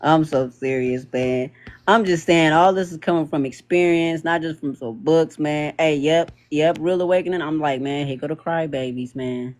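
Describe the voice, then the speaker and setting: A man, hosting a podcast panel in loose, joking livestream banter. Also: fairly high pitch. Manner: loose, joking, slangy, quick laughs.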